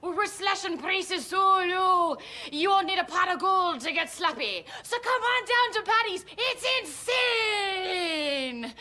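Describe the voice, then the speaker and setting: A brash, high-voiced bar ad girl. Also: expressive, takes it slowly, sharp tone, exaggerated voice. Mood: hammy. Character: brash young woman pitching a bar ad.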